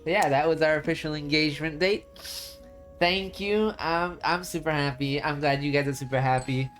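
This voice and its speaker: A man streamer chatting casually with his viewers, telling a long story in a rambling, animated way full of restarts. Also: fairly high pitch, normal speed, faint music behind.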